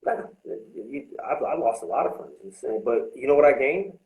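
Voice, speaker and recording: A man's voice: mid-range voice, big pitch swings, moderate pace, darkish tone, reverberant, rough recording. Blunt, profane man sharing his recovery story. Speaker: host. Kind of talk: candid recovery talk.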